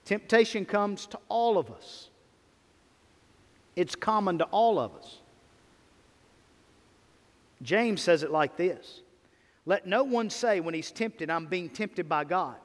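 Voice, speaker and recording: Pastor, man, high tenor, emphatic sermon delivery, long hall reverb. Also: lively intonation, takes it slowly, long pauses. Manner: emphatic preaching, rising and falling in volume. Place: church sanctuary. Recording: long reverb of a church sanctuary.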